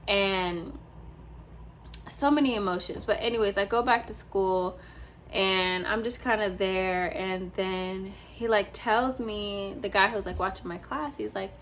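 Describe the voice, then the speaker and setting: A woman's voice: mid-range voice, normal speed, fairly bright tone, a little hiss or hum. A young woman, a teacher, telling a personal story in a casual, rambling vlog style, with many fillers and restarts.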